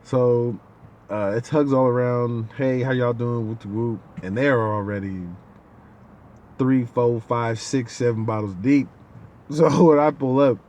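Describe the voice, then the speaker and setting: Speaking unhurriedly at medium pitch, a man hosts a podcast and tells a relaxed story. He's animated and plays out each character he mentions.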